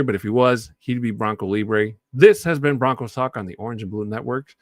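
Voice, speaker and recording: A man hosting a solo sports talk show, chatting casually about the week's games and breaking into loud, enthusiastic shout-outs. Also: mid-range voice, moderate pace, hardly any pauses, dry recording, clean studio sound.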